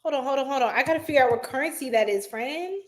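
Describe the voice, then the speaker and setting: A woman's voice: high voice, racing. A woman hosting a casual livestream tarot reading, playful and chatty, laughing often and talking to her chat in slang. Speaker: tarot reader and livestream host.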